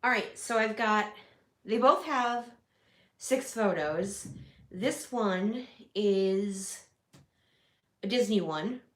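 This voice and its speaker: A woman's voice: a little high, lively intonation, slow pace, a bit bright, echoey room. A woman with a nasal voice from a cold, chatting casually while hosting a live scrapbooking stream at home. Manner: chatty, rambling, self-correcting. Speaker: scrapbooking livestream host.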